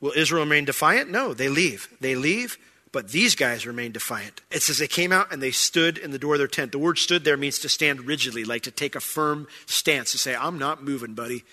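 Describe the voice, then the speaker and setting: A man preaching a sermon, animated, with loud bursts and quiet, intense stretches. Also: a little high, moderate pace, big-room sound. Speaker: pastor.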